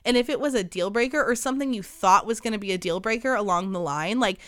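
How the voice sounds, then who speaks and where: A woman's voice: medium pitch, fast, a bit bright, no echo, clean studio sound. A woman in her twenties hosting a podcast, telling a dating story in a casual monologue, full of "like" fillers and swearing, acting out the dialogue she quotes. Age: 20s. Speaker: podcast host.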